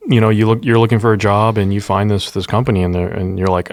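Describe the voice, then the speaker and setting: A man's voice: lowish voice, fairly even intonation, fast, no echo. A man co-hosting a tech podcast who answers bluntly and in short bursts. His voice is recorded dry, with no room sound around it. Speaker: podcast co-host. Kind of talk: casual tech news chat.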